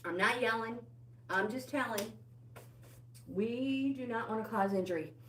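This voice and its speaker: Slow-talking middle-aged woman coaching a workout. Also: a little high, fairly bright tone, slight background noise. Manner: chatty and encouraging, calls out viewer names. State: slightly out of breath. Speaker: fitness livestream host. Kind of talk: live walking workout coaching. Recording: roomy indoor echo.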